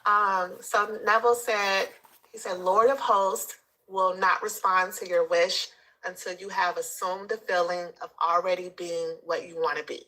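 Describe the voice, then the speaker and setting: A woman in a group chat telling a personal story in an animated way, laughing often. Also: on the low side, unhurried, rough recording. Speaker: group participant. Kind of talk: casual chat.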